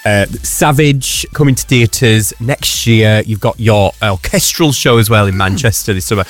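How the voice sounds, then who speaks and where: A man's voice: lowish voice, normal speed, soft background music. A male host interviewing a guest in a casual, playful way, laughing a lot and teasing. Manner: giggly, playful, camp teasing.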